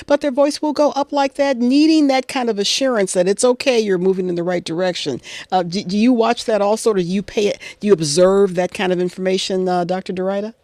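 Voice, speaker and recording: A woman's voice: mid-range voice, normal speed, few pauses, a little mellow, no echo. A woman moderating a panel on a video call, chatty, asking questions and reading out audience comments.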